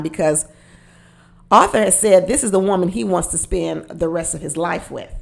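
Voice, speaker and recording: A woman's voice: fairly low pitch, normal speed, gravelly. A woman chatting through a casual recap of a reality show, gossipy and talkative, speaking straight to her listeners. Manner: chatty and gossipy, addresses listeners as y'all, laughs often.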